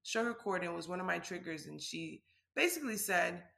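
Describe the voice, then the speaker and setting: A woman's voice: lowish voice, lively intonation, a little fast, vocal fry, fairly bright tone, echoey room. A woman vlogger speaking candidly and conversationally about a personal experience, with frequent filler words.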